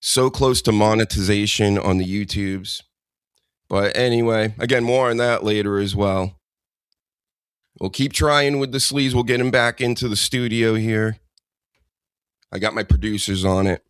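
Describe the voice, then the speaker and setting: Low-voiced joking male podcast host. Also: normal speed, clean tone, dry recording, clean studio sound. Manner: rambling, joking, teasing. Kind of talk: casual comedic chat.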